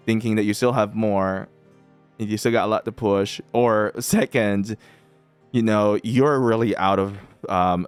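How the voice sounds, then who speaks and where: A man's voice: medium pitch, clean tone, no room sound. A man giving casual commentary while playing a mobile strategy game, chatty and teasing, often breaking into laughter.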